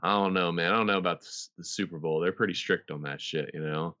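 A man's voice: deep voice, fast talker, pushed and bright, dry recording, muffled recording. A man co-hosting a casual podcast, laid-back and joking, swearing casually. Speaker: podcast co-host. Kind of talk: casual chat.

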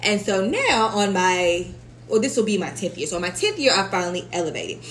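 A woman co-hosting a podcast, with a mid-pitched voice and faint noise in the background. She tells stories, swearing freely. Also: a little fast, poor audio. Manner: animated, profane storytelling. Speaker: podcast co-host. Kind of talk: casual chat.

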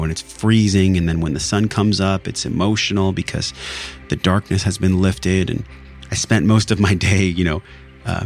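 A man hosting a podcast, telling a personal story in an earnest, emotional, reflective way. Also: sits low. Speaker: podcast host.

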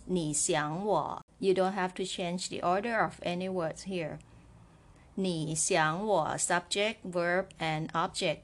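A woman gives a Chinese lesson at an unhurried pace, her voice sitting a little low. She explains patiently step by step, repeats each example phrase, and keeps checking in with "right?". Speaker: Chinese language teacher. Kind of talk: slow, patient spoken lesson.

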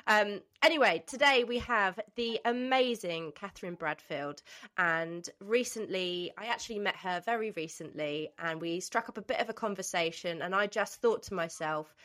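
A woman hosts a casual podcast chat with a bubbly, gushing manner. Her voice is stuffed up and nasal from a cold. She talks at an easy middle pitch. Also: normal speed, a bit bright. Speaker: podcast host.

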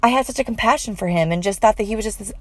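A woman's voice: medium pitch, racing, no room sound. A woman telling a personal story in an earnest, heartfelt way, with frequent fillers and restarts.

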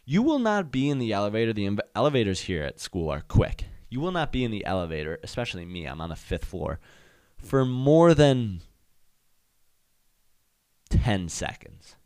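A man's voice: fairly low pitch, very animated, moderate pace, darkish tone, dry recording, studio quality. A young man hosting a solo podcast, telling comedic stories and acting out voices and sound effects. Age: young adult. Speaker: podcast host.

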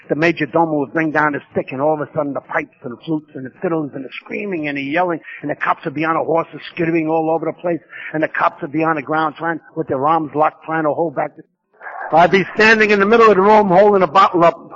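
A man with a somewhat high voice tells his life story to a conference audience. He mocks himself and keeps repeating vivid details. The old tape sounds muffled and dull. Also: fairly even intonation, fast talker, fairly bright tone. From New York. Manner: humorous, self-mocking storytelling with vivid repetition. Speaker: speaker sharing his recovery story. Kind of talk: storytelling talk at a recovery conference.

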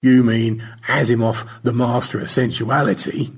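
A man's voice: medium pitch, flat delivery, moderate pace, husky. A man voicing Stanley, a dry-witted space rescuer who teases in easy banter. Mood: teasing.

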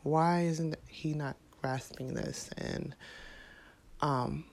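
A woman, a mother, speaking to camera in a casual, heartfelt way, reflective and halting, with many fillers and restarts. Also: low voice, fairly even intonation, a little mellow. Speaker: parent vlogger.

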